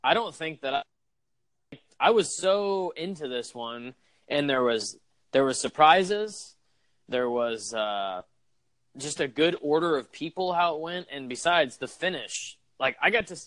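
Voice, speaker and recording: A man's voice: a little high, lively intonation, unhurried, fairly bright tone. An enthusiastic young man gushes with his friends on a casual podcast. He keeps saying "dude" and "man". The recording is dry, with no echo. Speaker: podcast co-host. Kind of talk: casual chat.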